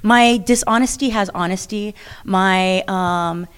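Woman wrestler, interview guest: chatty, animated, frequent restarts and laughs. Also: medium pitch, takes it slowly, clean tone. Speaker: professional wrestler. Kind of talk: interview conversation.

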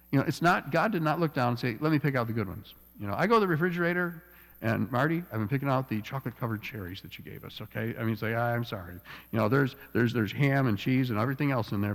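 A man's voice: mid-range voice, vocal fry. A man preaching a sermon in a conversational way, often repeating words and checking in with "all right?". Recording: long reverb of a church hall.

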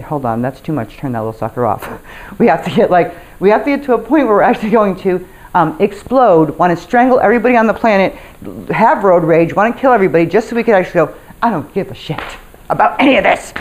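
A woman with a lowish voice that swings widely up and down as she tells her stories. She talks in a casual, animated monologue, laughing often and swearing without a second thought. She sounds like a self-help speaker talking straight to her audience. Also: rough recording.

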